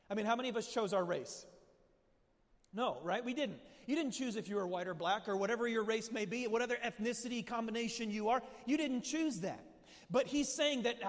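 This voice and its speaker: A man preaching a sermon to a live audience, emphatic and full of questions to the crowd, rising to shouts. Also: extremely high pitch. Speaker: pastor. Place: large hall with audience. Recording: long hall reverb.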